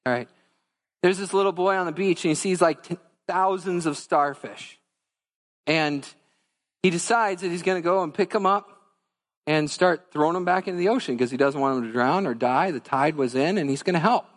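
A man with a fairly high voice preaches a sermon as pastor, speaking earnestly and conversationally right to his congregation at a normal speed. A long church-sanctuary reverb trails his words.

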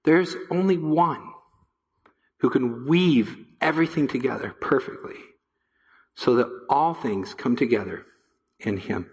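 A male pastor preaching a sermon to his church, emphatic, repeating key phrases and dropping to a low hush. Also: animated, unhurried, pauses often, big-room sound, highs cut off. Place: church sanctuary.

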